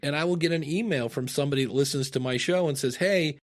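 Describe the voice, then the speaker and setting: Middle-aged man, storyteller, casual interview, animated quoted voices. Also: fairly high pitch, fast. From Ohio, USA. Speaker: podcasting guest and teacher.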